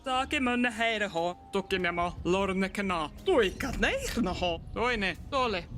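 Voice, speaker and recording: A bright, chattering gibberish-speaking character. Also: male voice, high voice, big pitch swings, unhurried, slight background noise, exaggerated voice. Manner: babbling, chattering nonsense words. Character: character babbling in an invented gibberish tongue. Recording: game audio with music behind.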